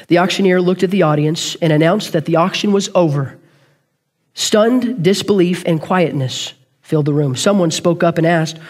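A man preaching a sermon, telling a story earnestly and quickly, and sometimes correcting himself mid-sentence. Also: sits high.

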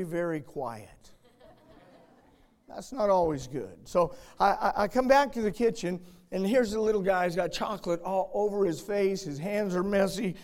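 A middle-aged man preaching a sermon in a church, telling folksy stories and building up to loud, shouted emphasis. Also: high-pitched.

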